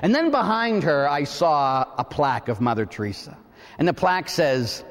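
A man, a priest, preaching a sermon and telling a story with animated, acted-out quotes. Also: fairly high pitch, moderate pace, long reverb tail.

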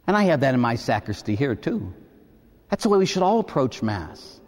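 A man, a priest, preaching a sermon and telling a story with animated, acted-out quotes. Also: on the high side, brisk, long reverb tail.

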